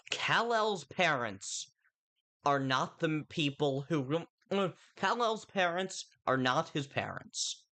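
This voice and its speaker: A livestreamer chatting through a film review in a casual, meandering way, the pitch swinging up and down with plenty of life. Thoughts trail off and restart mid-sentence, and the talk turns often to the viewers in chat. It sounds unscripted and conversational throughout. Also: fairly bright tone. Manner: rambling, with frequent self-interruptions and restarts; chats directly to viewers in chat. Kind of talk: casual stream commentary.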